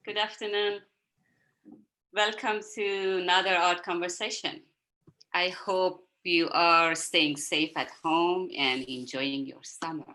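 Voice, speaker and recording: A woman's voice: fairly low pitch, steady tone, takes it slowly, bright, forceful tone, rough recording. A woman hosting an interview, speaking politely and a little hesitantly over a video call. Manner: polite, hesitant, formal phrasing. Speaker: host.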